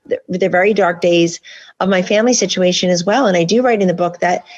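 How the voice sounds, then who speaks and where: A woman's voice: fairly low pitch, fairly quick, darkish tone, lo-fi sound. A woman guest author in a political interview, making her points in long, insistent runs.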